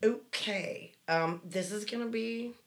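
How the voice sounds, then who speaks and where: A woman's voice: medium pitch, slow. A woman co-hosting a casual podcast, reading listener messages and talking frankly, swearing freely. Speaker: podcast co-host.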